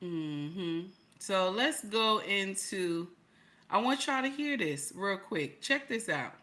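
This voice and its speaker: A middle-aged woman talking casually to her viewers, emphatic and repetitive, building to loud peaks. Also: medium pitch, expressive, slow. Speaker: channel host.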